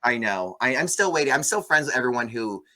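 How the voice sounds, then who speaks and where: Man, bright voice, animated gossipy chat, swears a lot, casual movie review. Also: mid-range voice, quick pace. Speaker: host.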